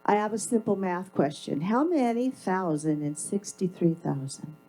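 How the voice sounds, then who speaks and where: A woman's voice: lowish voice, expressive, normal speed, warm tone, faint music behind, low-quality recording. A woman giving a public comment at a council meeting, speaking into a podium mic in an emphatic, confrontational and sarcastic way. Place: council chamber.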